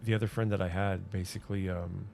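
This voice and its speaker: Low gravelly-voiced man rambling casually. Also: steady tone, fast talker, a little mellow, soft background music. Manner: hesitant, many restarts and fillers. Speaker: gaming streamer. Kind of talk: casual rambling chat while gaming.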